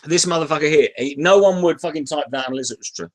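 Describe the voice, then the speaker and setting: A man's voice: on the high side, quick pace. A man ranting at his chat in a casual, profane livestream, irritable and sighing, breaking off and restarting his sentences. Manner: irritable, sweary, restarts often, sighs. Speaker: YouTuber ranting on a live stream.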